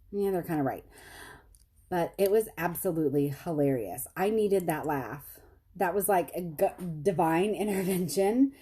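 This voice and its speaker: A woman's voice: warm tone, slightly rough. A woman, telling a story to her viewers in a chatty, self-deprecating way. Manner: chatty, self-deprecating, laughs often, quotes others in high voices. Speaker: vlogger.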